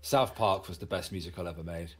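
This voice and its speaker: A man's voice: deep voice, quick pace, husky. A man appearing as a guest on a livestream, chatting bluntly and crudely. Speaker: show guest. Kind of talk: casual chat.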